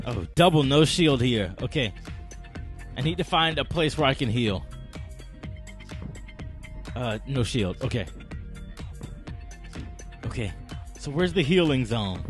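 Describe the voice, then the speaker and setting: A young man giving let's-play commentary, reacting out loud to a game with groans, cheers and sudden shouts. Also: a little slow, long pauses, soft background music. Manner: excitable, shouts and groans at the game, swings high and low. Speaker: gaming channel host.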